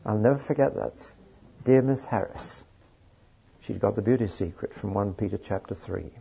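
Brief: male preacher, very husky and mellow, dry wit, dull lo-fi tape sound. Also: on the low side, moderate pace. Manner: dry humor, storytelling. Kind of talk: sermon with anecdotes. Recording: dull lo-fi recording.

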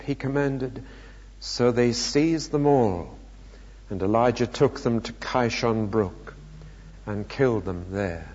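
A man preaching a sermon, teaching from the Bible in a measured, emphatic way. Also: mid-range voice, darkish tone. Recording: lo-fi hall recording with long reverb.

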